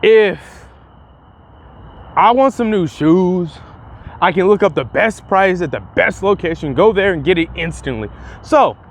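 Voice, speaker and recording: A man's voice: high voice, slight background noise. A young man vlogging in casual commentary, rambling and profane, often restarting his sentences. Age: young adult.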